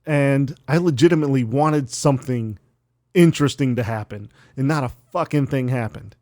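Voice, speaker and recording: A man's voice: mid-range voice, normal speed, darkish tone, no echo, studio quality. A man co-hosting a podcast in casual chat, blunt and teasing, swearing and laughing often. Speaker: podcast co-host.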